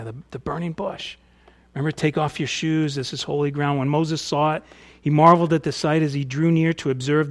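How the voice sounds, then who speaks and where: A male pastor preaching a sermon, reading scripture and explaining it in a conversational way, often dropping into casual paraphrase. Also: on the high side.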